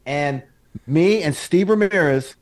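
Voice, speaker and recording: A man's voice: on the high side, slow, a little mellow. A man co-hosting a podcast, telling raunchy stories in loose, profane, boisterous chat. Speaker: podcast co-host. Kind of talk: crude casual chat.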